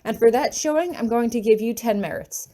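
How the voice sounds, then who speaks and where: A woman's voice: a little high, fairly quick, warm tone, lightly acted. A woman reading a cheerful young male magic teacher. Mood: encouraging. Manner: upbeat, encouraging.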